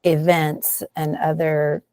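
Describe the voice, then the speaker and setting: Low, gravelly woman therapist co-host. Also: level tone, slow pace, mellow, no echo. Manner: upbeat, coaching, emphatic. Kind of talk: casual health podcast chat.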